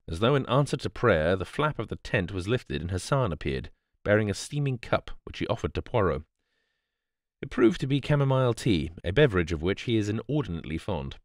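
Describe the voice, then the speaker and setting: Deep-voiced man reading a bedtime audiobook. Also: no room sound, studio quality. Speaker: audiobook narrator. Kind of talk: scripted bedtime audiobook narration.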